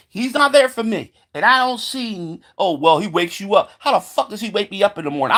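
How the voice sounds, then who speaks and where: Vlogger ranting to camera: heated and sarcastic, swears nonstop, trips over repeated words, medium pitch. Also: fairly bright tone. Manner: stumbles into repeated filler words; mocking voices of believers. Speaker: solo vlogger. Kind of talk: profane rant to camera.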